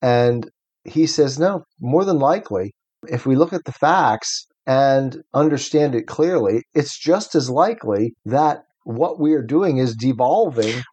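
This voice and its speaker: A man of medium pitch thinks aloud in relaxed conversation, often starting a sentence again as he works toward his point. He talks in a thoughtful, unhurried, exploratory way. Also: slightly rough. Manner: thoughtful, hesitant, restarts sentences. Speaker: podcast co-host. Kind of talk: casual discussion.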